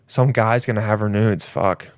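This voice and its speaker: A man's voice: fairly low pitch, normal speed, smooth, no echo. Loose, rambling male podcast host. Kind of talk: casual chat.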